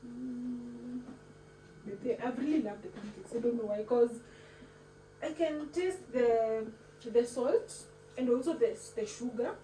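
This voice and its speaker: A woman speaks a little slowly with a dark tone while hosting a casual cooking vlog; her voice is fairly high and her manner chatty and playful, with words slipped into her English. The audio is roomy and echoey, captured from across the kitchen with distinct background noise.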